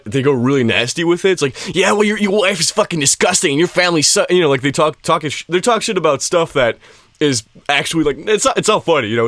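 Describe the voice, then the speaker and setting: A man's voice: on the high side, a bit bright, no echo, studio quality. A young man co-hosting a casual chat, laughing often and acting out quoted lines in swearing banter. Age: young adult. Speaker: podcast co-host.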